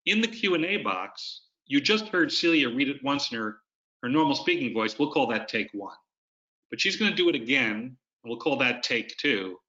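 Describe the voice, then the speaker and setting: A man's voice: mid-range voice, lively intonation, moderate pace, sharp tone. A man presenting an online webinar, coaching his audience and explaining ideas through demonstrations over a video call. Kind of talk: instructional webinar talk. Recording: dull lo-fi video-call audio.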